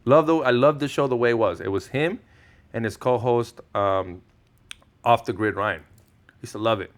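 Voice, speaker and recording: A man's voice: medium pitch, normal speed. A man in his thirties whose first language is Spanish, telling stories animatedly in casual podcast chat, slangy and swearing, acting out what people said. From Mexican-American, Southern California. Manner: animated storyteller, slangy, swears, acts out quotes. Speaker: podcast guest.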